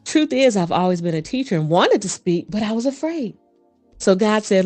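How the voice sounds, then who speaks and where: A woman guest, a voice coach and performer, speaking in an animated, fast storytelling manner in a casual interview. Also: mid-range voice, dry recording, soft background music.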